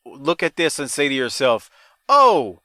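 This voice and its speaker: Lively, bright-voiced male podcast host. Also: medium pitch, moderate pace, no room sound. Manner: animated, profane storyteller who laughs often. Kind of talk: casual podcast banter.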